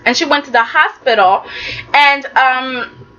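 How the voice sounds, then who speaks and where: A young woman casually recapping a soap opera, animated and chatty, slipping into quick impressions of the characters. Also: high voice, muffled recording.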